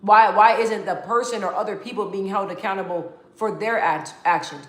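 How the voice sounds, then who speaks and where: A young adult woman vlogs candidly in casual, heartfelt talk, emotional and rambling, often restarting and repeating words. Her mid-range voice is fairly bright and runs at normal speed, recorded with a roomy echo.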